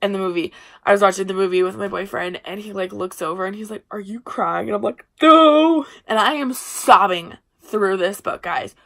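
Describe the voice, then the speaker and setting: A woman's voice: medium pitch, steady tone, fairly quick. A young woman in a casual book review vlog, chatty and gushing, often trailing off mid-sentence while talking to her camera. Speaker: book vlogger.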